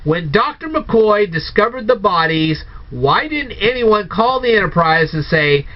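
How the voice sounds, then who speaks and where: Incredulous man with a lively high voice. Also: unhurried, hardly any pauses. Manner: incredulous, rhetorical questioning, sarcastic. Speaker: movie reviewer. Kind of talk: casual spoken review. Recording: dull lo-fi recording.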